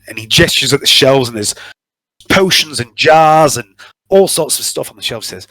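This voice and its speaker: Bright-voiced casual game master. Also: male voice, mid-range voice, lively intonation, normal speed, no room sound, rough recording. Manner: casual and chatty, many fillers. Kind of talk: narrating a tabletop game.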